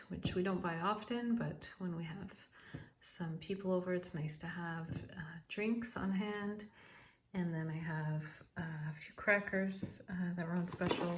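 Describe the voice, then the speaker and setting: Slow-talking woman, low voice. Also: noisy background. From Canada. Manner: unhurried, chatty, lots of ums and uhs. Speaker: host. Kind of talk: casual grocery haul vlog.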